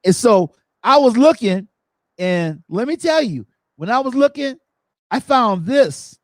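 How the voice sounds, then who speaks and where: A man hosting a podcast in casual chat, telling funny stories with animated energy and acting out quotes. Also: very high voice, measured pace, dry recording. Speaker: podcast host.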